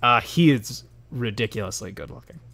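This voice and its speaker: A man's voice: medium pitch, animated, moderate pace, vocal fry, bright, forceful tone. A man running a tabletop game, narrating scenes in a descriptive way with many fillers and hedges. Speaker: game master.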